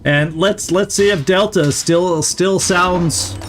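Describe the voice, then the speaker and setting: A man's voice: high voice, slow pace, a little hiss or hum. A man streaming a video game, giving casual let's-play commentary, chatty and often laughing as he talks to his viewers.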